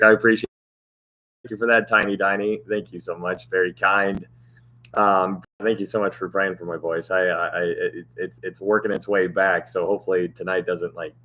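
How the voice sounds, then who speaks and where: A man's voice: low-pitched, a bit bright. A man hosting a livestream Bible study, chatting casually and thanking viewers by name, his voice strained and cutting out. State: strained voice that cuts out.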